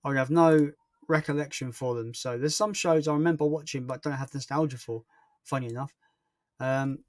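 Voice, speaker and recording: A man's voice: a little high, brisk, darkish tone, no echo. A young man hosting a casual livestream and chatting through viewer comments in a rambling, self-deprecating way. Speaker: livestream host.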